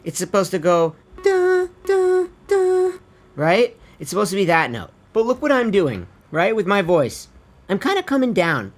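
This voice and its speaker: A man with a high, sing-song voice talks fairly quickly through a casual screen-recorded tutorial on vocal tuning. The producer stays chatty and laid-back, treating viewers as his friends and swearing offhand.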